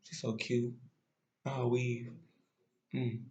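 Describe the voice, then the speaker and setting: A man's voice: medium pitch, level tone, very slow, mellow, reverberant, lo-fi sound. A man giving a chatty, opinionated and sassy recap of a reality show in casual commentary.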